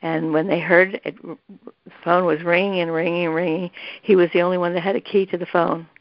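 An older woman speaks briskly in a lowish voice with little pitch movement as she recounts family history for an interview. Her casual storytelling meanders, with frequent restarts and asides. The sound is dry, dull and lo-fi.

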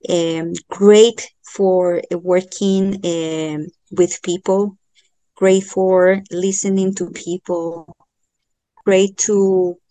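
Slow-talking woman with dry close sound. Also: lowish voice, warm tone, no echo. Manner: slow, thoughtful, many fillers and restarts. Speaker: astrologer giving a chart reading. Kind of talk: podcast interview, explaining.

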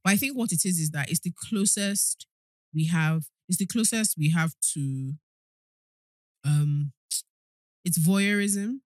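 A woman co-hosting a podcast, telling stories in a lively, animated way. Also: lowish voice, measured pace, long pauses, no echo. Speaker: podcast co-host. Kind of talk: casual chat.

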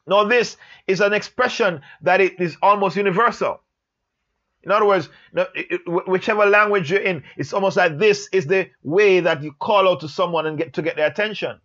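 Man, high-pitched, Bible lesson, emphatic repetition, muffled lo-fi recording. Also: a bit bright. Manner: slow, emphatic, repeats phrases for stress. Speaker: Bible teacher. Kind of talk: Bible letter study lesson.

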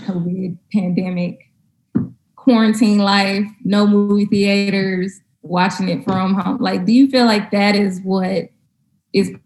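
A woman's voice: medium pitch, fairly even intonation, slow, a little mellow. Woman chatting about a movie, curious, echoey room. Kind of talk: casual movie review chat.

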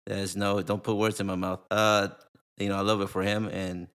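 A man with a somewhat low voice co-hosting a casual football podcast. He banters in a playful, animated way with the others. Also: moderate pace. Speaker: podcast co-host. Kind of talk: casual sports podcast chat.

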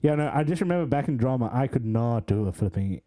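Young man, South African accent, very dark warm tone, animated pitch, relaxed teasing chat. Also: quick pace. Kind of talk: casual chat.

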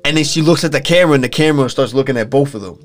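A man's voice: mid-range voice, very fast. Young man retelling a show, profane and loose. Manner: loose, profane storytelling full of fillers. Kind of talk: casual chat.

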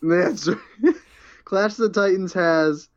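A man's voice: high voice, takes it slowly, dull audio. A young man co-hosting a casual movie chat, eager, often restarting his sentences and laughing easily. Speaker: podcast co-host.

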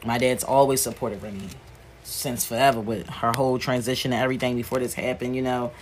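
A woman's voice: a bass voice, fairly even intonation, a little fast, slight background noise. Direction casual, grieving woman podcaster. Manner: rambling, emotional and candid, with slang and restarts. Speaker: podcast host.

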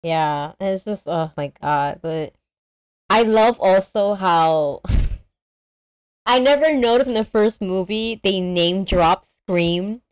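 A woman co-hosting a casual movie podcast, excitable and laughing, with casual swearing. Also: mid-range voice, takes it slowly, clear, resonant tone, no room sound. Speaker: podcast co-host. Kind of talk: casual movie review chat.

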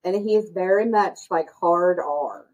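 Woman, low-pitched, blunt, swears a lot, rambling podcast chat. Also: slow, darkish tone, poor audio. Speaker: podcast co-host. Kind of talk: casual chat.

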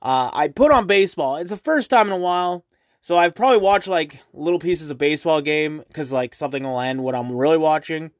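A man's voice: fairly high pitch, a little fast, no echo, studio quality. A young man hosting a casual solo podcast, rambling and swearing, full of fillers. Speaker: podcast host.

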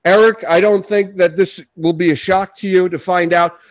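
A man's voice: sits high, steady tone, normal speed, no room sound. A man co-hosting a sports and pop-culture podcast, ranting emphatically and repeating his complaints in casual chat. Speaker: podcast co-host.

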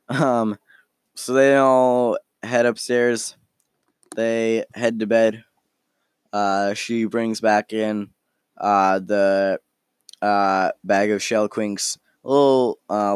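Guy slowly retelling his tabletop game, lots of ums, dry sound. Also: lowish voice, smooth, dry recording. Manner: hesitant, many fillers. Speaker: storyteller. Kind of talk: recounting a tabletop game session.

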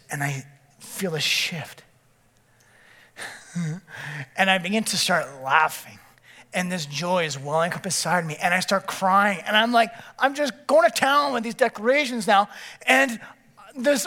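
A male pastor giving a sermon, telling a personal story with animated energy and checking in with the congregation. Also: high voice. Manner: animated storytelling with frequent "okay?" check-ins.

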